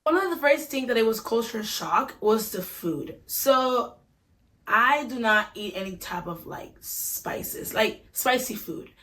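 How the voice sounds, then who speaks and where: Young puerto rican woman, american accent, fairly high voice, chatty vlog talk. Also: animated, slow, fairly bright tone. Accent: American, Atlanta-influenced. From Puerto Rico. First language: Spanish. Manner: upbeat, chatty, says like a lot. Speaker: vlogger. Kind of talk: casual vlog.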